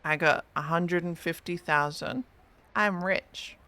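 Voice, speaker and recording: A man's voice: a little high, slow pace, sharp tone. A man streaming a game, chatting casually with a friend and teasing chat in a playful way.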